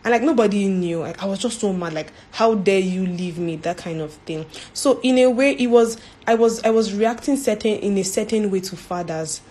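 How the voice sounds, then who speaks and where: A woman's voice: mid-range voice, a little fast, few pauses, dark tone. A woman giving an informal faith talk as a church speaker, earnest, repeating herself and ending points with "right?".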